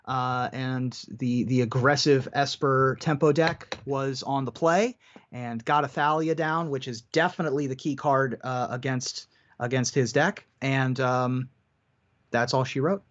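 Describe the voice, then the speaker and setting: A man's voice: mid-range voice, fairly even intonation, unhurried. A man commentating a card game tournament live, giving analytical play-by-play. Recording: dull lo-fi stream audio.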